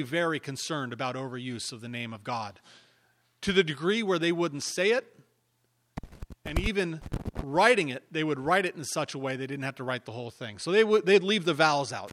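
A man preaching a sermon as pastor, dropping to hushed asides and then rising to emphatic, louder points. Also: medium pitch, slight background noise. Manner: emphatic preaching, swinging between hushed and loud.

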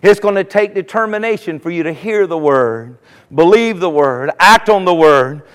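A man preaching an impassioned sermon that swells into shouted cries, in a church. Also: sits high, expressive, normal speed, clear, resonant tone. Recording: long hall reverb.

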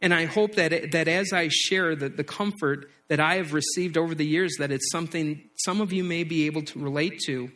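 A middle-aged pastor delivers a sermon through personal stories. His voice sits a little high for a man. He often doubles back on words mid-sentence. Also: fairly quick, hardly any pauses, a bit bright. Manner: storytelling, repeats words as he speaks.

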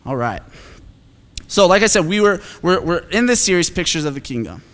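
A man preaching a sermon in a relaxed, conversational way, with self-deprecating asides and frequent fillers. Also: high-pitched, moderate pace. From Phoenix, United States. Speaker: pastor. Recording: long hall reverb.

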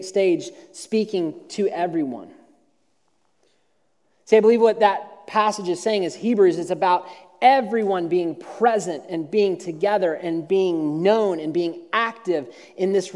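A pastor with a high, somewhat mellow voice tells stories during a conversational sermon, frequently repeating words and starting over. He speaks in a church auditorium, where the big hall adds a long reverb.

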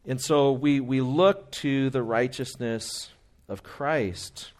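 A man's voice: mid-range voice, slow, a little mellow. A man preaching a sermon in an earnest, conversational way, often quoting hymns and older writers. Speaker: pastor.

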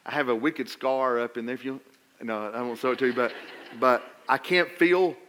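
A middle-aged man, a pastor, preaching a sermon and telling a personal story with stammered restarts before building to loud, emphatic appeals. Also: medium pitch, moderate pace, slight background noise.

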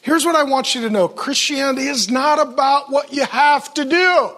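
High-voiced, lively man preaching. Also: moderate pace, hardly any pauses. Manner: animated storytelling with playful acted quotes. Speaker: pastor. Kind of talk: sermon. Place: church.

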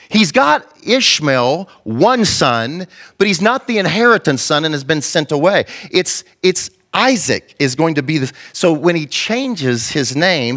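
A man's voice: medium pitch, a bit bright. A male pastor preaching an impassioned, conversational sermon and acting out the quotes he tells.

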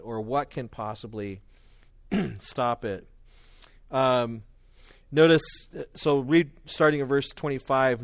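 A man teaching a Bible study and reading scripture aloud, earnest and explanatory, often clearing his throat between fillers and restarts. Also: medium pitch, no room sound, studio quality. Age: adult with children.

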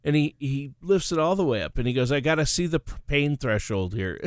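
A man's voice: fairly high pitch, lively intonation, brisk, dry recording, studio quality. A middle-aged man co-hosting a finance talk show, telling stories in a chatty way and laughing often. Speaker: radio show co-host. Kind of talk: casual chat.

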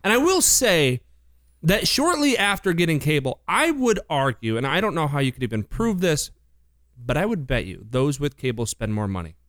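A man's voice: fairly high pitch, sing-song, moderate pace, a bit bright, no echo, studio quality. A man co-hosting a radio show, chatting casually on air with playful, teasing banter.

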